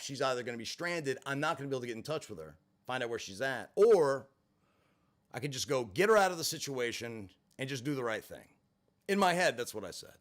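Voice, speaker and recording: A man hosting a livestream, telling a story in a casual, blunt and profane way, swinging from flat to heated. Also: medium pitch. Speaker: livestream host.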